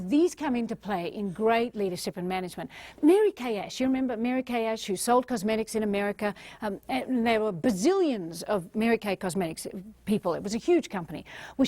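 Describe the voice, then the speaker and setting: A woman runs a motivational seminar with a playful, animated delivery, speaking directly to her audience. Her voice sits high and swings widely in pitch. The sound is close and dry, with almost no room echo. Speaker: communication and leadership trainer.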